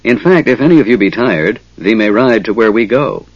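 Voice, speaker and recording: A man's voice: lowish voice, lively intonation, fairly quick, breathy edge, dry recording, lo-fi sound. A man voicing a commanding male centaur leader who speaks in archaic thee-and-ye phrasing, giving cool, stern orders.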